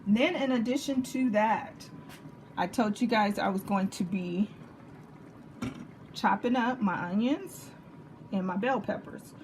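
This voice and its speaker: Home cook, woman, Texas accent, mid pitch, chatty and jokey, faint kitchen noise behind. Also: slow, pauses often, darkish tone. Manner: chatty, jokey, checks in with "okay?" and "right?". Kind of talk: casual cooking demonstration.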